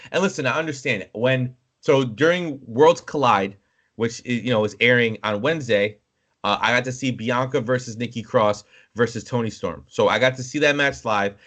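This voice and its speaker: A young man co-hosting a podcast, chatting casually and telling animated stories with acted-out quoted voices and some swearing. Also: mid-range voice. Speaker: podcast co-host. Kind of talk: casual chat.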